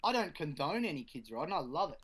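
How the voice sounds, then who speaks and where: A man's voice: a little high, very animated, fast talker, a crowd in the background. A man, a guest BMX rider, chatting casually and telling a sweary story, acting out quotes. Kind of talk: casual podcast chat.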